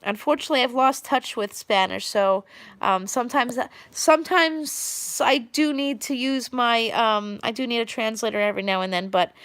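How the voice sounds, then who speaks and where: A woman's voice: fairly high pitch, moderate pace, a bit bright, no room sound. A woman with a Long Island New York accent hosting a casual live stream, rambling and chatty as she greets viewers by name.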